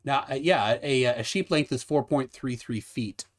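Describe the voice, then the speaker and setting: A man hosting a livestream debate in casual chat, reading out viewer comments and asking his guest questions with a bantering, teasing manner. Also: mid-range voice. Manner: bantering, questioning, quick laughs.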